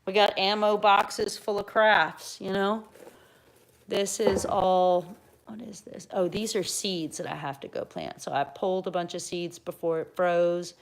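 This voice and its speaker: A woman's voice: mid-range voice, fairly even intonation, measured pace, a little hiss or hum. Chatty woman rambling on a craft livestream. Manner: chatty and rambling, swings from soft mutters to loud bursts. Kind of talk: casual live-stream chat.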